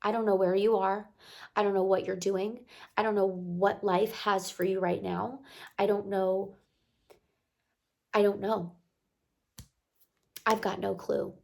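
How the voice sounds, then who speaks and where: Hoarse woman vlogger with a gravelly voice. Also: medium pitch, little pitch movement, measured pace, long pauses. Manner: chatty, warm-hearted encouragement with rambling asides. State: hoarse from crying. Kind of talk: casual motivational talk to camera.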